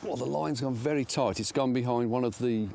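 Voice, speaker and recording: A man's voice: mid-range voice, fairly quick, vocal fry, warm tone, slight background noise. An older man, giving chatty, self-mocking commentary outdoors by a lake while he fishes. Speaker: angler presenter. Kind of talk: casual commentary while fishing.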